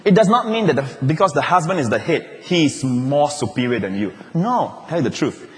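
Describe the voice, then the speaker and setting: Guy preaching, bit high voice, big echoey church hall. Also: brisk. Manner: animated preaching with playful asides and mimicry. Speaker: pastor. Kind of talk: sermon. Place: large church auditorium. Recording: long reverb of a large hall.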